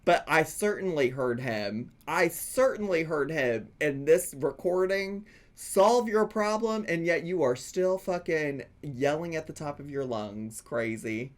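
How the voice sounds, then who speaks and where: A man's voice: a little high, lively intonation, unhurried, hardly any pauses. A man hosting a reaction video, giving sarcastic commentary and laughing often between his remarks.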